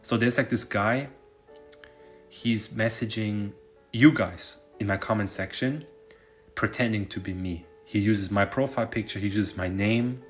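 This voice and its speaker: A man's voice: lowish voice, unhurried, soft background music. A man telling a story in a loose, casual monologue, full of fillers and swearing. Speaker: finance content creator.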